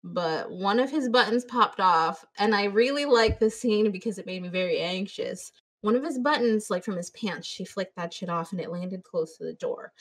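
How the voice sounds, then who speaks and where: In a casual movie-review chat, this podcast host retells a film with lots of swearing and quoted voices. Her voice is mid-range and fairly bright, and she talks at a moderate pace with hardly any pauses.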